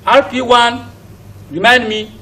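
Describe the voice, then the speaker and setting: A man's voice: very high voice, fairly even intonation, unhurried, pushed and bright, far from the mic, slight background noise, rough recording. A man with a Nigerian accent teaching an English lesson. He drills pronunciation by asking questions and repeating each word. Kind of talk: recorded classroom lesson for students at home.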